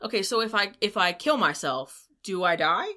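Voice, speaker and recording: A woman's voice: medium pitch, lively intonation, moderate pace, bright, forceful tone. A woman in her thirties, a podcast cohost in casual chat, blunt and wry with frequent swearing. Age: 30s.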